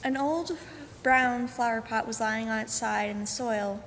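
A woman narrating a children's picture book aloud in a church, clear and expressive. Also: fairly high pitch, measured pace. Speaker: co-reader of a children's story. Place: church sanctuary. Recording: echoey sanctuary, faint hum.

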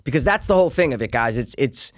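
An animated man reviews a film in easy, casual chat. He swears freely and keeps slipping into voices to act out the scenes. His voice sits at an ordinary pitch and sounds dry and close. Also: fast, no room sound. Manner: excitable, swears often, acts out scenes in voices.

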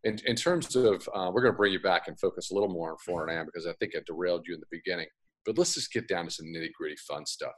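A man's voice: sits low, very fast, husky. A man hosting a podcast interview, upbeat and keeping the talk moving. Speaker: podcast host. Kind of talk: casual interview.

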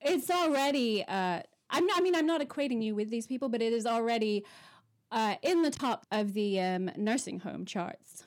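A woman's voice: on the high side, animated, moderate pace. A woman in an improvised mock interview, talking in a breezy, mock-serious way. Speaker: comedy performer.

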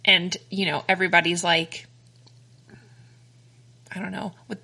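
A woman's voice: fairly low pitch, little pitch movement, measured pace, vocal fry, sharp tone, slightly rough. A woman co-hosting a podcast, chatting casually with a lot of giggles and filler words. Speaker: podcast co-host.

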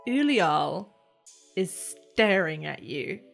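A woman narrating as game master of a tabletop game, chatty and expressive. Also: lowish voice, takes it slowly, creaky, faint music behind.

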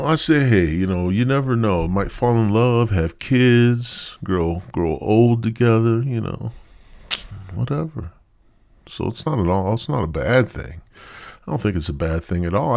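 A man's voice: mid-range voice, gravelly, a little mellow, dry recording, studio quality. A man hosting a podcast, delivering a crude, rambling comedic monologue. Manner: rambling, profane. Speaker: podcast host.

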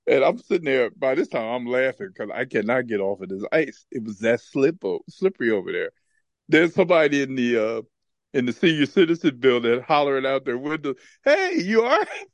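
An animated storytelling podcast host. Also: male voice, mid-range voice, brisk, dry recording. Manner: animated storyteller who laughs often. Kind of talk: casual chat and storytelling.

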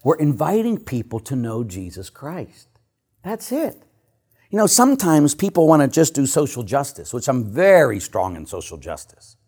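Older male priest preaching to a congregation, animated and joking, drops to a near hush for emphasis, mid-range voice. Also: medium pitch, moderate pace, slightly rough. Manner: animated, joking, swings from loud to hushed. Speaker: Catholic priest. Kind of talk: storytelling talk to a church audience.

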